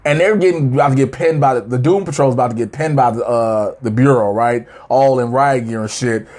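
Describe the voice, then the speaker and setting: A man co-hosting a casual TV review, recapping an episode with animated banter and squeaky voices for the characters. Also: fairly quick. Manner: animated, acts out characters in high squeaky voices, laughing often. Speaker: co-host of a TV review show.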